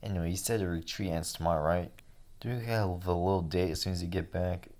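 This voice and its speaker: A man voicing a self-centered woman teacher chatting on a phone call in a flat, offhand way. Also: deep voice, fast, natural voice.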